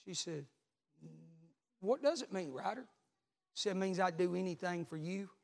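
A man, a pastor preaching a sermon, telling a story and then building to loud repeated calls. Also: high-pitched, expressive, moderate pace, gravelly.

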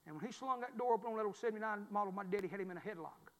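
A man in his forties preaches in a high, sharp voice. He tells a folksy story as a sermon, swinging from loud to hushed. The sound carries a long echo from the church hall. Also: racing.

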